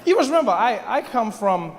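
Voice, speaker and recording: Animated, high-voiced stand-up comedian from Africa. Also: male voice, brisk. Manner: animated, self-deprecating, acts out scenes. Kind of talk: stand-up storytelling. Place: large live venue with audience. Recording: echoey live venue with audience noise.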